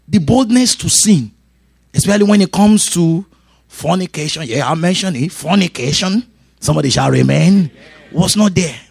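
Animated gravelly-voiced male preacher. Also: high-pitched, dry recording. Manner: animated, laughing, shouting punchlines. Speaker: pastor. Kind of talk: sermon.

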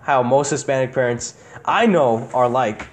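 A young man spins childhood stories in a casual podcast chat. He curses freely and keeps breaking into laughter. His voice sits at an ordinary middle pitch. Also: measured pace, slight background noise. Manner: laughs often, swears freely, animated storytelling. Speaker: podcast host.

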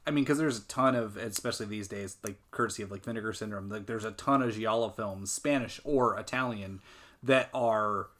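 A man's voice: fairly low pitch, brisk, a bit bright. A man co-hosting a film podcast who laughs easily and thinks aloud with many fillers. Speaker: podcast co-host. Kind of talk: casual film discussion.

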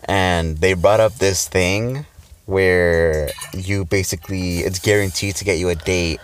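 A man's voice: deep voice, steady tone, a little slow, slight background noise. A young man in his twenties co-hosting a podcast, telling a story in casual chat, swearing freely and laughing often. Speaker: podcast co-host.

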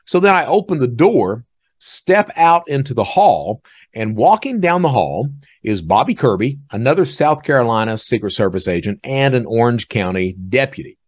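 A man hosting a podcast, telling a story in a casual, animated way and acting out other people's lines. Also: medium pitch, normal speed, no room sound, studio quality. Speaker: podcast host.

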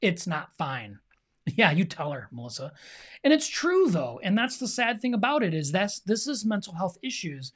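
A man's voice: sits high, very animated, normal speed. A middle-aged man co-hosting a podcast in casual chat, earnest and opinionated, talking straight to the listeners. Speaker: podcast co-host.

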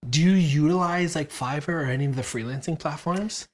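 A woman's voice: low voice, fairly quick, a little mellow. A woman hosting a podcast, asking questions in casual chat with upbeat, encouraging reactions. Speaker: podcast host. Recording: music playing underneath.

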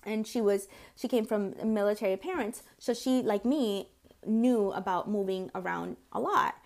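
A woman's voice: mid-range voice, moderate pace, gravelly, a little mellow. A woman in her forties hosting a podcast, telling personal stories in a chatty, casual way and sometimes swearing. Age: 40s. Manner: chatty, acts out quoted voices, swears casually. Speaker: podcast host and consultant. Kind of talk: casual storytelling monologue.

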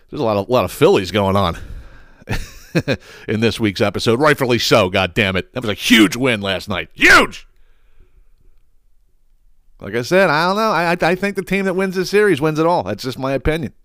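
Brief: blunt, foul-mouthed male podcast host, young, swinging pitch, dry sound. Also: expressive, fairly quick, a bit bright, no echo. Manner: profane, blunt, exasperated. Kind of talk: ranting podcast monologue.

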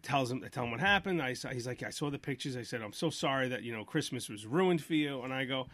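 A man's voice: medium pitch, fast talker, dry recording. Man, podcast host, casual storytelling, plays both sides of conversations, dry studio sound. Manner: animated, acts out both sides of phone calls.

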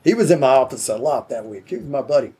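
A man's voice: mid-range voice, expressive, quick pace, warm tone, slight background noise. A man telling rambling, laid-back stories in casual chat, swearing easily.

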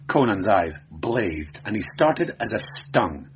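A man narrating an adventure audiobook in a measured, dramatic storytelling manner. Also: fairly low pitch, sing-song, highs cut off, slight background noise. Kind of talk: audiobook reading.

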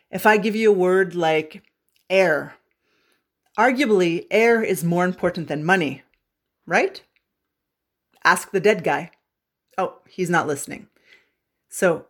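A woman from Canada teaching English slang on a radio show, with a playful, joking manner and bits of singing. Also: medium pitch. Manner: playful, jokey, bursts into singing. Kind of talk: humorous language lesson on radio.

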